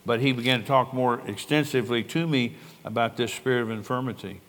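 A man's voice: medium pitch, fairly quick, a bit bright. Older male pastor preaching in a reverberant hall. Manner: earnest storytelling, conversational preaching with quoted dialogue. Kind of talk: sermon. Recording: long reverb of a large hall.

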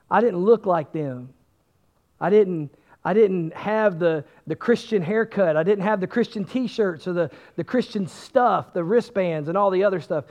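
High male pastor, animated sermon storyteller, muffled low-fi recording. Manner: animated storytelling, swings from loud to hushed. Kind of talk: sermon with personal testimony.

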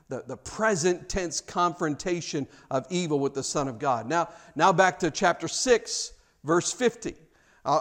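A man preaching in an earnest, explanatory way, reading scripture passages and stopping to unpack each one. His voice sits a little higher than most men's. He often restarts and repeats words as he builds his point. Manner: reads scripture aloud, then explains. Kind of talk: expository sermon.

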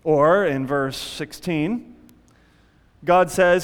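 A male pastor preaching an animated sermon, acting out panicked prayers along the way. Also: sits high, moderate pace, big-room sound.

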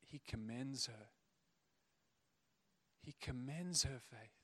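A man preaching a sermon, animated, acting out the voices of the people in his stories. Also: medium pitch, moderate pace. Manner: animated, acts out quoted voices. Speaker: pastor.

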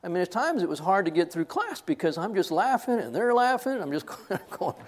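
Speaking a little fast and in a high-pitched voice, an older man preaches to students from a Bible passage in a classroom setting. His storytelling is animated, moving him to both laughter and tears.

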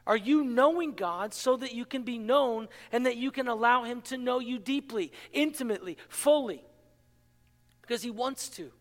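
An adult, married pastor preaches an impassioned sermon at a moderate pace in a strikingly high, bright, forceful voice, which rings with long reverb as though in a large church hall. He relies on rhetorical questions and pokes fun at himself with self-mocking humor and laughter.

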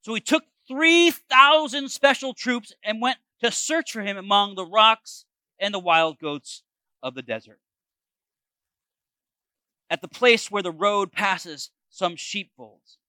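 Lively, joking male preacher telling a Bible story with playful asides. His voice is high and bright, with wide pitch swings. The sound is close and dry. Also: slow pace, no room sound. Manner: animated and joking, with asides to listeners. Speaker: pastor. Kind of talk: retelling a Bible story to a congregation.

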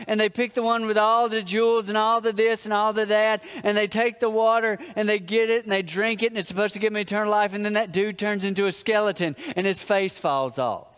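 A pastor preaches to his congregation in a high, clear voice that rings through a reverberant sanctuary. He tells stories with plain humor and drops his voice low to land each punchline. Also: fairly even intonation, a little fast, hardly any pauses, a bit bright. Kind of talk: sermon. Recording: long hall reverb.

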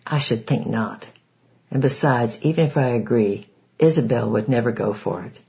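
A man's voice: medium pitch, moderate pace, gravelly, darkish tone, lightly acted, rough recording. A man reading aloud, voicing a stiff, defensive minister in his own voice. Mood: cold, dismissive. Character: indignant, cold-hearted minister, a grown man.

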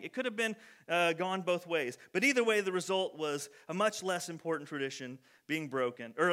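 A man with a high, bright voice preaching a laid-back sermon. He talks animatedly, drops in plenty of "like", and slips into voices to act out what people said. The tone is forceful and bright. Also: a little fast. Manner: animated, acts out quotes in voices, many "like" fillers. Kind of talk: casual conversational sermon.

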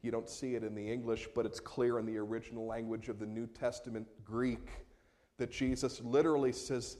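Pastor preaching with hushed and rising delivery. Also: male voice, medium pitch, little pitch movement. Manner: swings from hushed, slow passages to raised, emphatic appeals. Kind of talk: sermon.

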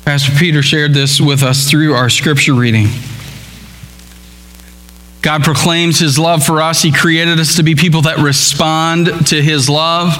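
A man's voice: a little high, flat delivery, unhurried, fairly bright tone, echoey room, long reverb tail, soft background music, rough recording. A male pastor preaching a sermon in a chatty way, often asking the congregation "right?" and acting out short everyday exchanges. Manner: conversational, asks the congregation rhetorical questions; acts out little dialogues in a raised voice.

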